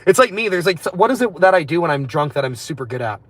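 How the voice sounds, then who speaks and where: Man, from Canada, late-night livestream, rapid rambling talk, reads chat comments, laughs often. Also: fairly high pitch, very animated, a bit bright, no echo. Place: indoors at night, after a street walk.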